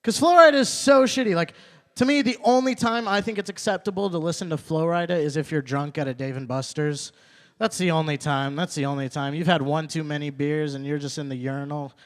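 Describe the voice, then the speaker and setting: Young male stand-up, slightly high voice, loose conversational delivery, repeats lines for laughs, small club set. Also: brisk. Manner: conversational, asks the crowd questions, repeats punchlines. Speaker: stand-up comedian. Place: small live comedy venue.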